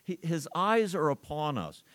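A man's voice: a little high, very animated, measured pace, fairly bright tone, no room sound. An older man preaching a sermon, talking it through in a conversational way with rhetorical questions and read-aloud scripture.

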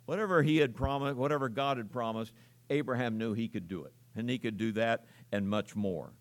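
A man's voice: mid-range voice, fairly quick. Man preaching a teaching sermon. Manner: teaching, explains Greek word order, repeats key words with emphasis.

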